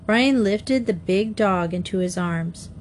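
A woman reading a children's mystery story aloud in a measured, clear narrating voice. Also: medium pitch, a little hiss or hum. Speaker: audiobook reader.

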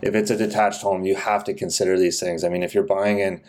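Man from canada, deep flat monotone voice, blunt, casual podcast co-host. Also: quick pace. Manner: blunt, down-to-earth, says "like" and "right?" often.

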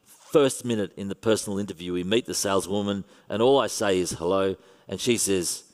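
A man's voice: deep voice, fairly quick. Australian man preaching in a hall. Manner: conversational preaching with wry humour. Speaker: pastor. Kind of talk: sermon.

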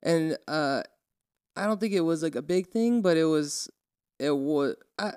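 A young man co-hosts a casual podcast chat and tells a story with animated quotes. His voice is smooth and clear and sits a little high. The sound is dry and close, with no room around it. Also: unhurried, no room sound. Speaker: podcast co-host.

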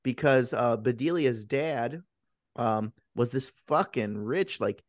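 A man of middle pitch talking loosely about a movie he likes, cursing freely as he retells scenes. His voice is dry and close, with almost no room sound around it. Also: expressive, takes it slowly, no echo. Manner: swears often, retells scenes with put-on voices. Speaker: podcast co-host. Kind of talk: casual movie chat.

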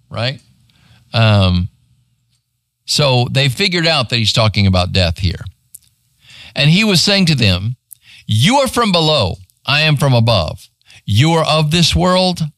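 Guy pastor teaching bible study, bright voice, bouncy pitch, chatty, keeps asking "right?". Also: dry recording, studio quality. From United States. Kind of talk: sermon.

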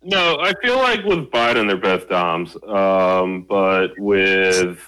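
A man's voice: deep voice, animated, takes it slowly, sharp tone, smooth, poor audio. A man riffing through jokes in a casual chat, rambling with fillers.

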